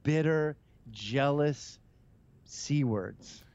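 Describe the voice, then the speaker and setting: A man's voice: on the high side, drawn-out words, lo-fi sound, background noise. A man, a guest on a comedy talk podcast, speaking in a sardonic, mocking tone. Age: 30s or older. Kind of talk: casual podcast banter.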